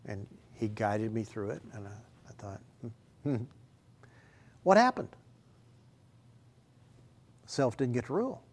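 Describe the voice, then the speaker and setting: A man preaching a sermon, telling rambling folksy stories and swinging from quiet asides to loud, shouted emphasis. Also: lowish voice, very animated, unhurried, pauses often.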